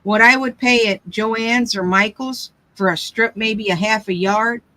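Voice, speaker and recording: A woman's voice: a little high, steady tone, measured pace, bright, forceful tone, low-quality recording. An older woman hosting a casual craft chat, telling rambling family stories with lots of restarts. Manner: chatty, rambling storyteller with frequent restarts. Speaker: craft live stream host.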